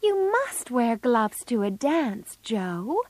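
A woman's voice: mid-range voice, slow pace, dry recording. A woman voicing an eager, fussy teenage girl in a storybook reading. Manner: excited, pleading.

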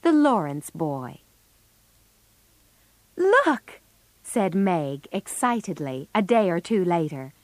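A woman narrating a storybook audiobook in a clear, measured reading. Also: lowish voice, sing-song, a little mellow, no echo.

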